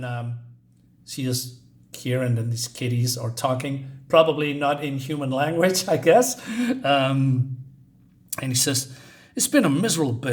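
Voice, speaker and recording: A man giving a casual comic book review, talking in a halting, chatty way with many fillers and restarts while recapping the pages. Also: mid-range voice.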